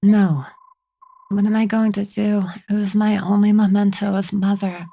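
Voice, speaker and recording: A woman's voice: medium pitch, flat delivery, normal speed, gravelly, warm tone. A woman voicing a tearful, distraught young girl. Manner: pleading, tearful.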